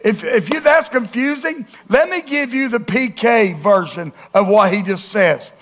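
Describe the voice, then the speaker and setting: A male pastor preaching a sermon, asking rhetorical questions and swinging between loud and hushed. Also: very high-pitched, a little slow.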